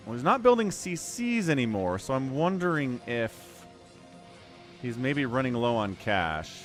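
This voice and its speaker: A man's voice: medium pitch, big pitch swings, unhurried, faint music behind. A man casting a strategy game on a live stream, chatty, laughing often and greeting viewers. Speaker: game caster.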